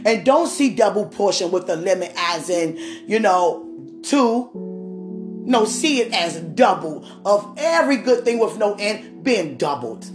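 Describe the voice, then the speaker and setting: A woman preaching a sermon with passion, rising to shouts and calling on the congregation. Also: medium pitch, animated, measured pace. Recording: echoey room with faint music.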